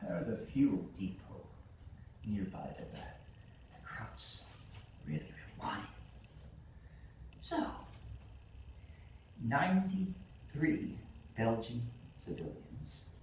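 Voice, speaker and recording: An actor on stage playing an aging war veteran grandfather who tells his story haltingly, stumbling and repeating words. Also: medium pitch, wildly swooping pitch, darkish tone. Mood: reminiscing. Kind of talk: live stage monologue. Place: small theater stage. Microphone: far room camera. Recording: echoey theater from far off, faint hiss.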